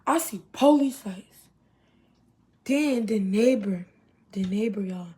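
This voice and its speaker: A woman's voice: mid-range voice, expressive, takes it slowly, darkish tone. A young woman telling a rambling storytime vlog, talking to viewers as y'all and circling back over her own words. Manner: chatty, addresses viewers as y'all, rambling with restarts. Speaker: vlogger. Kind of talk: casual storytime.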